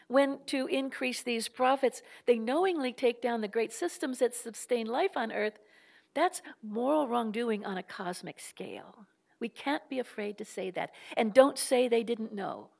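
An older woman delivers a public lecture with moral urgency, piling up rhetorical questions and repeated phrases. Her voice sits slightly high and carries a gravelly rasp. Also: a little mellow. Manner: impassioned, rhetorical questions and repetition.

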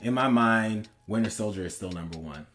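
A man co-hosting a podcast in casual chat, reflective and ready to defend his opinions, getting excited at times. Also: fairly low pitch, moderate pace, slight background noise. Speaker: podcast co-host.

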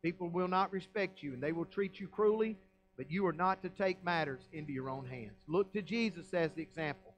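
A man's voice: high-pitched, a little fast, rough recording. A man with a Southern American accent, a pastor preaching a folksy, emphatic sermon full of rhetorical questions. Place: church sanctuary.

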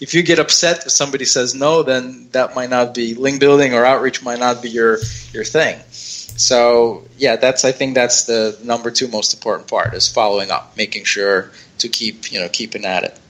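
A man with a bright, forceful voice talks casually in an interview. He thinks aloud as he goes, pausing on fillers and restarting his sentences. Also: medium pitch, fairly even intonation, low-quality recording. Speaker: guest, software co-founder.

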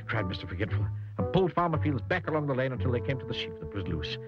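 A man narrating a children's storybook with a gentle comic touch, over a dull lo-fi recording with music behind. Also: lowish voice, quick pace. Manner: lively, gently comic telling.

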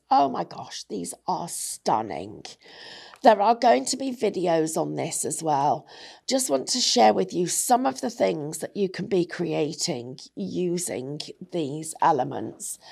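A woman's voice: lowish voice, gravelly, darkish tone, husky. A woman giving a chatty, jokey craft demonstration, often correcting herself as she goes. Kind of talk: casual product demonstration.

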